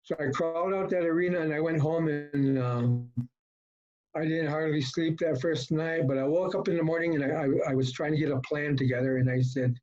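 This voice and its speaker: A middle-aged man from Colorado telling his personal recovery story at a meeting, folksy and halting, with many fillers. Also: fairly high pitch, steady tone, a little mellow. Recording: dull lo-fi talk recording.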